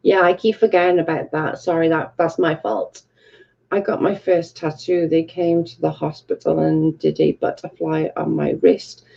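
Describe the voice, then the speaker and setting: A woman's voice: deep voice, steady tone, moderate pace, creaky, dark tone, muffled recording. A British woman hosting a casual livestream from her bedroom, chatting and reading out viewer comments, swearing freely. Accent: British English. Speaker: livestream host.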